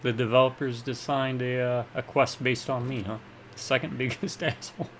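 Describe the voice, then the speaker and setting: A man's voice: medium pitch, little pitch movement, normal speed, slight background noise. A man from the American South rambling casually while commenting on his gameplay. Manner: rambling, chatty, self-deprecating. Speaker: let's play gamer.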